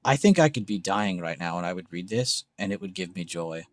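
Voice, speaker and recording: Low-voiced excitable young man streaming. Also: brisk, no room sound. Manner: excitable, swears freely, gushing praise. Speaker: trading stream host. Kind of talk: casual live-stream chart review. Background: faint background music.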